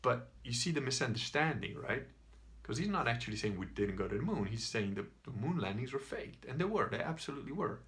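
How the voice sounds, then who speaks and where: A man's voice: medium pitch, big pitch swings, brisk, fairly bright tone. A man hosting his own video, telling a story in a casual monologue, swearing now and then. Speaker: video host.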